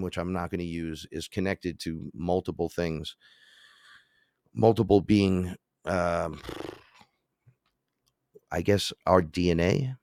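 A middle-aged man with a low voice tells a sprawling personal story as a podcast guest. He throws himself into the quoted voices, jumping up in pitch and loudness to act them out. The sound is dry and close to the mic. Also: dry recording. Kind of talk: animated storytelling.

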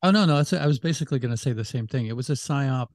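A man guesting on a podcast, thinking aloud in casual chat with halting restarts. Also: mid-range voice, darkish tone, no echo, studio quality.

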